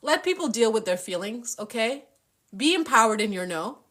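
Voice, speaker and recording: A young adult woman hosts a spiritual live stream featuring tarot readings, speaking passionately and casually, swearing a lot and doing playful impressions. Her voice is fairly high and a bit bright, animated, at a normal speed.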